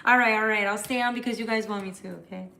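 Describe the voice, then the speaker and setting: A woman's voice: mid-range voice, steady tone, fast talker, gravelly, pushed and bright, slight background noise. A tired woman who reads tarot, chatting candidly and emotionally with viewers on a livestream, swearing casually. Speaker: tarot reader.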